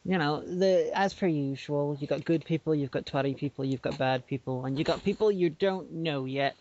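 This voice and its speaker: A woman's voice: low-pitched, normal speed, a little mellow, muffled recording, a little hiss or hum. A woman co-hosting a casual podcast chat, playfully dropping showy vocabulary. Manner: playful, tries out fancy words. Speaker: podcast co-host.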